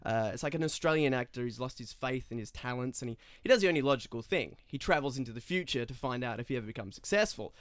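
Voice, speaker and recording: A man from Toronto, a theatre performer, pitching his show in an upbeat, chatty way. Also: expressive, quick pace, hardly any pauses, no echo, studio quality. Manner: upbeat and chatty, with many likes.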